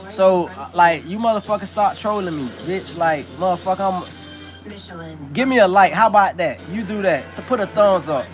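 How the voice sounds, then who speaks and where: A man hosting a livestream, giving heated and profane sports commentary in a brash, rambling way with restarts. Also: high-pitched. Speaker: livestream host. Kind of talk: live sports commentary chat.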